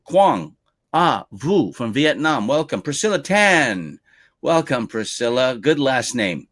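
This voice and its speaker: A man's voice: medium pitch, big pitch swings, slow, fairly bright tone. A male lead trainer hosting a live-stream webinar, upbeat as he reads out viewer names one by one and welcomes them.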